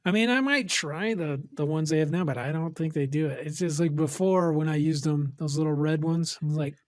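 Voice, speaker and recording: A man's voice: on the high side, a little fast, no room sound, studio quality. A middle-aged man co-hosting a podcast, chatting casually with teasing, joking banter. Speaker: podcast co-host. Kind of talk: casual chat.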